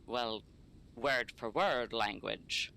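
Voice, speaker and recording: An American man chatting casually on a game stream, telling stories in a relaxed way with wry asides. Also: medium pitch, very slow. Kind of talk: casual chat while gaming.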